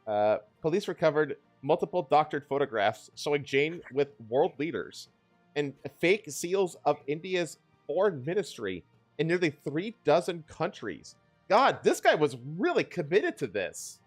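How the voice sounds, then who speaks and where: A man's voice: a little high, sing-song, a little slow, soft background music. A man co-hosting a podcast, reading news stories in a loose, joking way and laughing often. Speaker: podcast co-host. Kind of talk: casual news chat.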